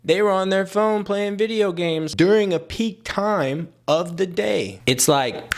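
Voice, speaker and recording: A man's voice: high-pitched, expressive, unhurried, noisy background. A young man ranting casually to camera, exasperated and sarcastic, with filler-heavy talk. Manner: exasperated, sarcastic, mimics people he quotes. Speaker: vlogger.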